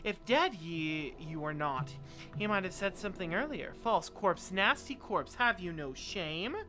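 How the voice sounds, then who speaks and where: A woman's voice: mid-range voice, very animated, normal speed, pushed and bright, faint music behind, voice pushed up. A woman voicing a mumbling, sing-song old woman who picks at corpses and talks to herself, reading game dialogue aloud. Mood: indignant.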